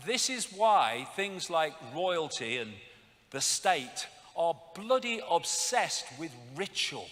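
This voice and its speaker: A man lectures from a stage in a high, bright, cutting voice. He rants and mocks, swearing freely as he goes. His voice rings through a long hall reverb, with a faint crowd behind him. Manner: ranting, sarcastic, swears often. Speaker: public speaker.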